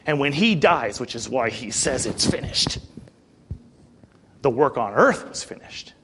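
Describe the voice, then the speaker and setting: A man preaching a sermon, animated, swinging between quiet and loud delivery. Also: mid-range voice, slow pace, a little hiss or hum.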